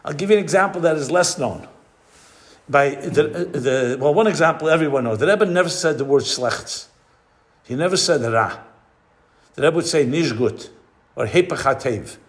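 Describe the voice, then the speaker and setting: A male rabbi teaching a class in a fairly high voice. He explains step by step, drops Hebrew and Yiddish terms into his talk, and often pauses to search for the right word. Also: animated.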